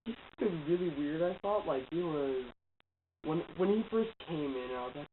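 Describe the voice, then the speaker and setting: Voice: mid-range voice, expressive, moderate pace. A casual movie reviewer talks with a cold, wandering through his points with plenty of ums, uhs and false starts. The sound is narrow and tinny, like a phone line, with a faint hiss running underneath. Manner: rambling, heavy on fillers and restarts. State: has a cold.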